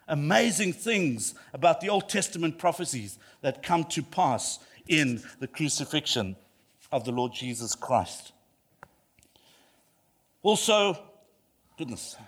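Male preacher, high voice, emphatic, repeats phrases, builds to passionate peaks. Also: big pitch swings, slow pace, long pauses, a bit bright, breathy edge. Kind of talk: sermon.

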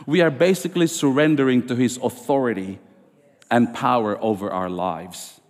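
A man preaching a sermon as pastor, emphatic and rising high on key lines. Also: unhurried. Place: church sanctuary. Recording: long reverb of a church hall.

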